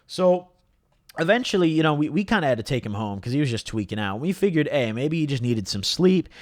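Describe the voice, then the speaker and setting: A man's voice: medium pitch, no room sound, studio quality. A young man telling a long story to camera in casual, slangy speech full of "dude" and "bro".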